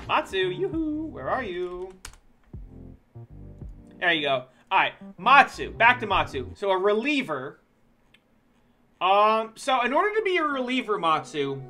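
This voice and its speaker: Lively, bright-voiced joking game streamer. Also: mid-range voice, measured pace, long pauses, faint music behind. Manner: joking, profane, chatty with viewers. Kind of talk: casual gameplay commentary.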